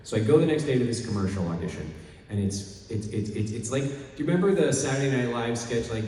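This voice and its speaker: A middle-aged man from Chicago, a panel guest telling animated anecdotes and acting out other people's lines. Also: mid-range voice, fast. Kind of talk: storytelling at a convention panel. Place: large convention hall. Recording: echoey hall, mic heard from far off.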